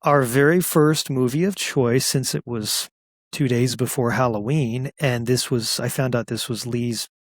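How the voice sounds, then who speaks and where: Co-host, man, mid-pitched, relaxed and chatty, dry sound. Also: measured pace, no echo. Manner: easygoing, talkative, chuckles. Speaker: podcast co-host. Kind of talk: casual chat.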